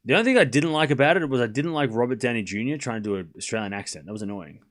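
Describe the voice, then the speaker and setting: A man's voice: medium pitch, lively intonation, very fast, fairly bright tone. A man hosting a live tennis watchalong stream, calling scores and chatting casually with viewers, rambling and laughing often.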